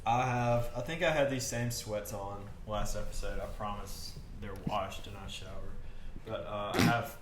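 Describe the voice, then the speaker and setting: A man's voice: lowish voice, fairly even intonation, normal speed. A young man co-hosting a podcast in casual chat, laid-back and joking dryly. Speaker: podcast co-host. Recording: echoey room with noticeable hiss.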